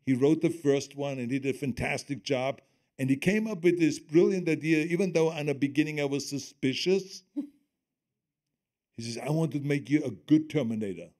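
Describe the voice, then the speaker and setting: An older man with a German accent, a guest telling stories on stage in conversation, animated and often laughing as he quotes others. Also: fairly high pitch, normal speed.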